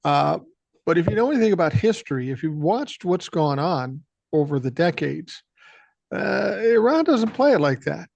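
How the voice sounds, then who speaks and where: A man's voice: a little high, very animated, normal speed, creaky, darkish tone, dry recording, highs cut off. An older man hosting a podcast, talking bluntly and profanely, pressing harder on his key points. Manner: blunt and profane, rising with emphasis. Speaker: podcast host. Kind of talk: casual political chat.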